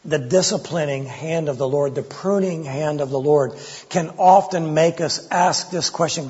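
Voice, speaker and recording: A man's voice: on the high side, moderate pace, a little mellow, husky. A man preaching an expository sermon with an impassioned delivery, voicing the psalmist's pleas. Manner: impassioned, voices the psalmist's pleas with rising intensity. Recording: lo-fi recording with long hall reverb.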